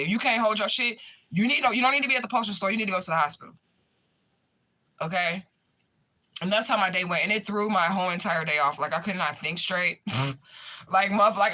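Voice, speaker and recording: A woman's voice: mid-range voice, sharp tone. A young woman chatting casually with her viewers, telling a story in an emphatic, profane way. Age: young adult. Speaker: spiritual medium streamer.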